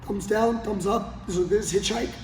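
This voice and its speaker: A man's voice: high voice, unhurried, a little mellow, faint music behind. A man coaching grappling as he demonstrates a technique on the mats, often checking in with his partner as he goes. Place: training gym on the mats. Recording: echoey gym with long reverb.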